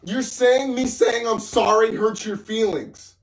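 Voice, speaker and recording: Man shouting in a domestic fight, high-pitched, heard from a distance. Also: measured pace. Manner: yelling, repetitive, cursing. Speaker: partner in a couple's argument. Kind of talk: heated argument. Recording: echoey room from far off.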